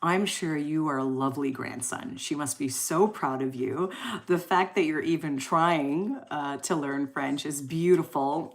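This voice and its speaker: A woman in her forties hosting a casual live stream, chatting and reading out viewer comments in a rambling way with lots of fillers. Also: sits low. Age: 40s.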